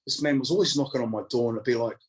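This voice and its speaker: Husky man telling a life story. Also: medium pitch, racing, poor audio. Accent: New Zealand. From New Zealand. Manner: animated, acts out quoted voices, laughs often. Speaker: guest speaker. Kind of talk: candid storytelling.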